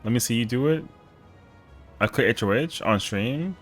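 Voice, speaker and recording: A man's voice: medium pitch, lively intonation, moderate pace, soft background music. A man streaming a game live, chatting casually with jokes, mock outrage and plenty of swearing. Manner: joking, profane, playfully indignant. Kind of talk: casual live-stream chat while gaming.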